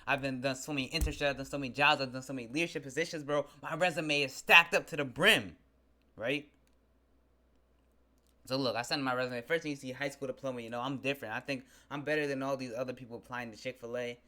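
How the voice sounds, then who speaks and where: A young man in a casual vlog, ranting in an animated, slangy, exasperated way. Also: medium pitch, quick pace. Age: young adult. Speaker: vlogger. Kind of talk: casual venting monologue.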